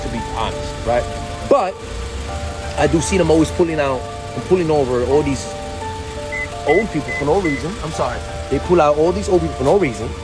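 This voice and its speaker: A man tells a story from his car in a heated, animated rant full of swearing. His voice sits a little high for a man. Music plays clearly in the background. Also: low-quality recording. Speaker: social media poster. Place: parked car.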